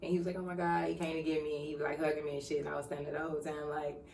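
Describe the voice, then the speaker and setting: A woman's voice: sits low, level tone, racing, a little mellow, far from the mic, a little hiss or hum. A woman in her twenties co-hosting a podcast, telling stories in a brash, profane way and acting out the voices of the people in them. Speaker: podcast co-host. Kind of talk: casual chat. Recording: roomy, from away from the mic.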